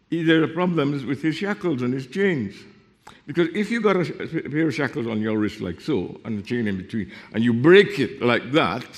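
Guy preaching a sermon, reads verses out, goes quiet for effect, big echoey hall sound. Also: mid-range voice. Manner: expository Bible teaching, reading verses aloud; lively, with sudden drops to a hushed voice. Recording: long reverb of a hall.

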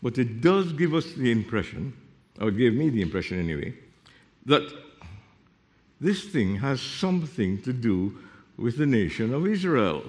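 A man preaching a sermon, explaining Bible verses and reading them aloud, with sudden drops to a hushed voice. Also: medium pitch, sing-song, normal speed, pauses often. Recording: long reverb of a hall.

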